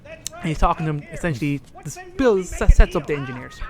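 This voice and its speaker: Against crowd noise, a man with a fairly high, lively voice talks fast as he co-hosts a podcast. He casually retells a story and acts out the lines he quotes.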